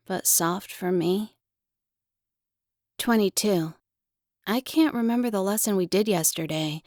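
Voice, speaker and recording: A woman, the author, reading her own first-person memoir aloud in gentle, earnest short phrases. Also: mid-range voice, dry recording, studio quality.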